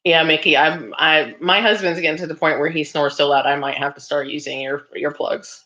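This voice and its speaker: This livestream host's low-pitched voice is pushed and bright, steady in tone and fairly quick. She chats through a casual craft session, reading out viewer comments and responding with frequent laughs and ums, all captured in slightly dull lo-fi sound.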